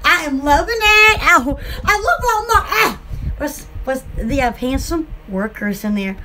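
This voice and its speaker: A woman from Alabama with a Southern accent, rambling excitedly in a casual vlog for her online shop. She giggles often and fills her talk with "oh" and "um". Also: high-pitched, measured pace, background noise. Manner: giggly, excitable, lots of "oh" and fillers.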